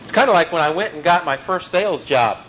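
A man preaching a sermon, slowing down and dropping low on key phrases and mixing in homely stories. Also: animated, a bit bright, muffled recording, a little hiss or hum. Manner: emphatic, slows and drops low on key phrases, folksy anecdotes.

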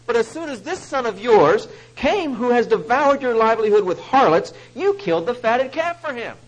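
A man's voice: on the high side, sing-song, unhurried, fairly bright tone, slightly rough, full character voice, poor audio. A man playing a bitter, resentful older brother. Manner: bitter, complaining.

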